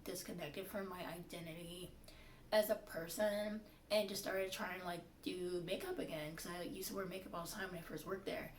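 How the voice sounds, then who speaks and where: A young woman vlogging in a candid, frustrated, chatty way about a bad job. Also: medium pitch. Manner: candid, frustrated, lots of fillers. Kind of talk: casual venting monologue. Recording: roomy, distant, faint hiss.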